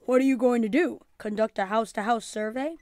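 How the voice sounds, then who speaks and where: A woman reading aloud and voicing a calm, gently teasing father in a storybook. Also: fairly high pitch, brisk, no echo, clean studio sound, lightly acted.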